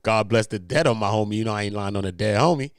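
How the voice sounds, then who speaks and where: A man's voice: fairly low pitch, fast, dry recording, clean studio sound. A man hosting a commentary show, talking in brash, slang-filled, profane bursts. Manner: brash, swearing, laughing, slangy. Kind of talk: casual commentary.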